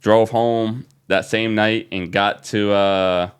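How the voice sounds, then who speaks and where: A man from New Orleans, a young adult, guest on a podcast, telling an excited story with many fillers. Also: fairly low pitch, slow pace, smooth. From New Orleans, USA. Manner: animated, excited retelling with fillers. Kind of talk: casual storytelling.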